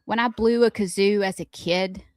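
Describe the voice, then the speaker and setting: A woman co-hosting a morning radio show, playful and quick to laugh. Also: mid-range voice, fairly even intonation, dry recording, studio quality. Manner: giggly, playful, chatty. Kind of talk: casual radio banter.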